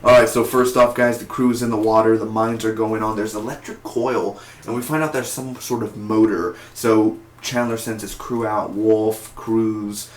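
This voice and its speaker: A man's voice: lowish voice, fairly even intonation, normal speed, few pauses. A man reviewing a TV episode in a casual video, rambling, repeating words and correcting himself as he goes. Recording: echoey room with faint noise.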